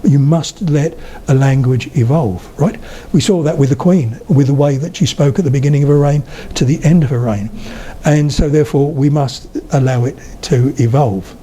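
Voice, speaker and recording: Older man giving a lively lecture. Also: mid-range voice, normal speed, hardly any pauses, slight background noise. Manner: chatty storyteller, slips into accent demonstrations. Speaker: guest speaker on spoken English. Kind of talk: public lecture.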